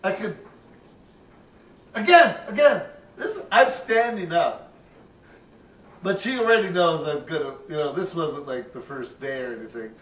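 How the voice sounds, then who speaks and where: A man's voice: a little high, lively intonation, unhurried, long pauses, fairly bright tone, far from the mic. An older man casually telling a personal story, rambling and profane, with chuckles. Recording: roomy, off-mic, faint ambience.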